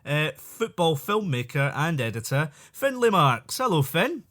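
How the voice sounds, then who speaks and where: A man's voice: a little high, sing-song, unhurried, fairly bright tone. A man hosting a casual football podcast, jokey and chatty, laughing often. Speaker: podcast host.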